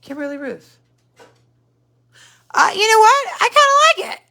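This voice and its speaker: A woman's voice: extremely high pitch, fast talker, vocal fry, pushed and bright. A middle-aged woman hosting a casual live stream, greeting viewers by name and chatting about their comments while she thinks aloud. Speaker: podcast host reading live chat comments.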